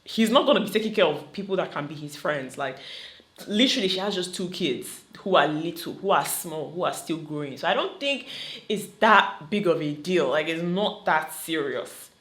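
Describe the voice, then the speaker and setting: A woman with a Nigerian accent giving animated, opinionated commentary on a reality show, slipping into Pidgin. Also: low-pitched, moderate pace. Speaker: vlogger reacting to a reality show. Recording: roomy echo.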